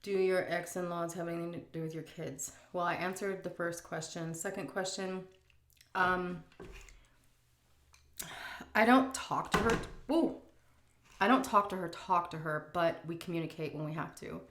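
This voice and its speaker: A woman's voice: fairly low pitch, normal speed, pauses often, a bit bright, roomy sound. A woman vlogger chatting frankly while she eats, reading out viewer questions and answering them. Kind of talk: casual chat while eating.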